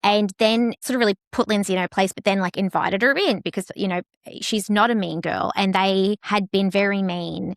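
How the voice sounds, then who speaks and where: A woman's voice: medium pitch, moderate pace, creaky, few pauses, dry recording, clean studio sound. A woman co-hosting a chatty podcast, giving blunt opinions in casual talk and swearing freely. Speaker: podcast co-host. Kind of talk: casual chat.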